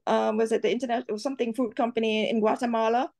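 A woman's voice: a little high, creaky. A woman from Jamaica with a Jamaican accent, an outspoken cultural commentator talking animatedly as an interview guest. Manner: outspoken, animated, quick to switch into voices. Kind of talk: casual interview chat.

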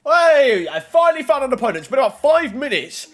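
A young man giving gameplay commentary on a football video game, excitable and talking straight to the game and his viewers. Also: a little high, brisk, hardly any pauses. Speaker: gaming YouTuber.

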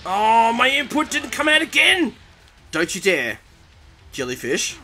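A young man giving excitable, panicky commentary over his own fighting-game match, taunting his opponent. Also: extremely high pitch, a little slow. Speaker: gaming YouTuber. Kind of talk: live gameplay commentary. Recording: game music behind voice.

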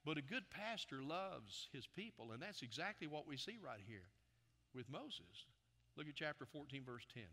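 A man preaching from the pulpit, his voice pitched high and pushed with a sharp, forceful edge. He asks his listeners questions and leans hard into his emphasis. The sound rings with the long reverb of a church sanctuary. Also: big pitch swings, normal speed. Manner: emphatic preaching that swells in loudness, asking the congregation questions. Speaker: pastor. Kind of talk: sermon.

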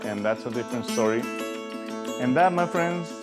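A man's voice: mid-range voice, moderate pace, loud music behind the voice. A man teaching a Bible study session, telling a story and acting out the people in it. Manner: animated storyteller, acts out quoted voices. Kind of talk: storytelling sermon.

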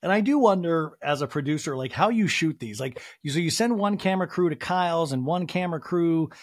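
A man hosts a podcast and recaps a reality show in a gossipy way. His voice swings widely in pitch as he acts out the cast. The recording is dry and close, with no room echo. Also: fairly quick. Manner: animated, gossipy, does impressions. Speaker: podcast host.

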